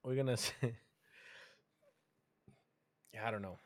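A man's voice: medium pitch, slow pace, no room sound, studio quality. A young man in casual podcast chat, telling stories animatedly, swearing and mimicking his mother.

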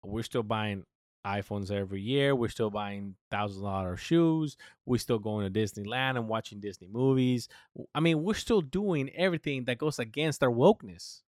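At medium pitch and a moderate pace, a US man hosts a podcast recorded cleanly in a studio without echo. He rants in a casual, animated way, swearing a lot and frequently restarting.

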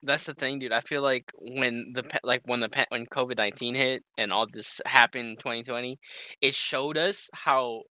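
A man's voice: mid-range voice, steady tone, moderate pace, bright, forceful tone, dry recording. A man chatting casually, laid-back, laughing along and often saying dude. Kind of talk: casual chat.

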